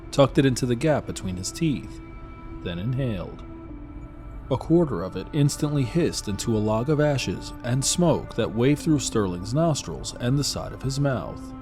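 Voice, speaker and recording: Man narrating a horror story, dark voice. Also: medium pitch, lively intonation, unhurried, faint music behind. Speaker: narrator, podcast host.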